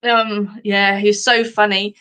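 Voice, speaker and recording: On a live stream, a middle-aged Australian woman speaks slowly at medium pitch with a flat delivery and a clear, resonant, fairly bright tone. She's a chatty, rambling storyteller who tells funny tales and laughs a lot.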